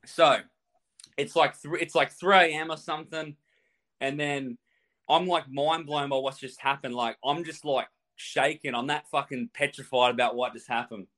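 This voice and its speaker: A man casually telling a wild travel story, animated and swearing a lot, laughing as he goes. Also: medium pitch, moderate pace.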